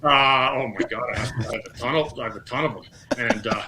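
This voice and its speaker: A middle-aged man, a former hockey player, telling lively anecdotes on a podcast, acting out quotes and laughing often. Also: mid-range voice, quick pace, background noise. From Canada. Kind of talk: casual storytelling.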